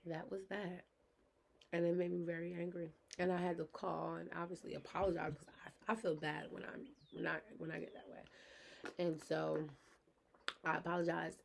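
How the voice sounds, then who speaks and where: Vlogger mom, frank and chatty, talks straight to camera; faint noise underneath. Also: female voice, fairly low pitch, creaky, a little mellow. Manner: frank, chatty, addresses viewers directly. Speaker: vlogger, mother of her kids. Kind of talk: candid personal vlog talk.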